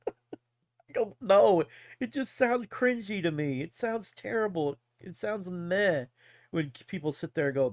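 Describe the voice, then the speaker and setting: A man's voice: sits high, animated, a little slow, dry recording. A man in his forties ranting casually and profanely on a live stream, rambling and often laughing. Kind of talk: casual rant.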